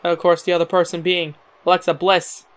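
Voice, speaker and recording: A young man giving excitable play-by-play wrestling commentary, his voice cracking, with frequent exclamations and chuckles. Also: high-pitched, fairly quick, clear, resonant tone. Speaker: amateur commentator.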